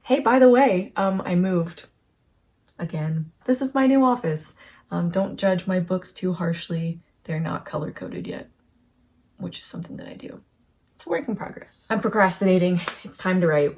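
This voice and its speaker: A woman's voice: lowish voice, normal speed, darkish tone, slightly rough. A young woman vlogging about her writing day, chatty and self-mocking, sometimes dropping into a whisper. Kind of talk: casual writing vlog.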